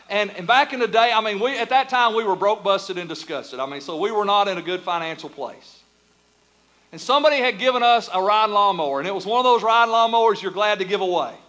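A middle-aged man, a pastor preaching a sermon through humorous, lively stories that settle into quiet, earnest teaching. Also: extremely high pitch. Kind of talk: storytelling sermon.

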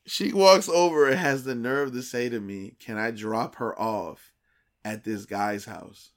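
Male podcast co-host at mid pitch, casual and animated, voices each character in his stories with plenty of slang. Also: a little slow. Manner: animated, acts out quoted dialogue; profane, slangy street talk.

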